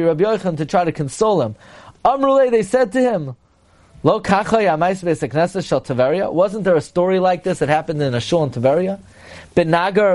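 A man teaching a Talmud class, reading Aramaic lines and explaining them with lively retelling. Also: sits high. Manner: reads Aramaic then explains in English, animated.

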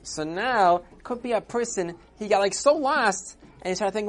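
A woman telling a religious parable and then explaining its lesson, in a halting, repetitive way with rising enthusiasm. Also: mid-range voice, expressive.

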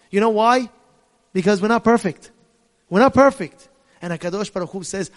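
A man giving a sermon as a rabbi, telling stories dramatically and swinging from hushed tones to shouting, with Hebrew and Yiddish terms mixed in. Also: high voice, moderate pace, pauses often.

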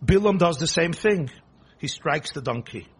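A rabbi delivering a sermon, telling a story in animated storytelling style with rapid bursts of emphasis. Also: male voice, a little high, breathy edge.

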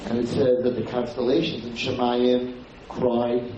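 A man's voice: mid-range voice, completely flat delivery, unhurried, warm tone, a little hiss or hum. A man giving a lecture on liturgy. He tells the story dramatically with quoted speech and chants some lines. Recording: very echoey room, distant mic, dull lo-fi sound.

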